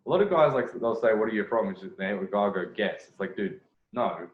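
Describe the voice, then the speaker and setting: A man comments on a video as a dating coach, blunt and casual, with swearing dropped in and phrases restarted mid-thought. His voice sits on the lower side. The recording is roomy and echoey, with a dull, lo-fi tone. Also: expressive, fast talker. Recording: echoey room, lo-fi sound.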